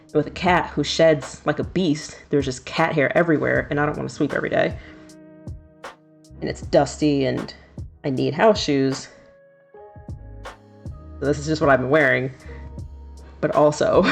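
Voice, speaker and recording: A woman's voice: low voice, gravelly. A woman in her thirties, a streamer chatting casually and laughing often while doing her nails. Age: 30s.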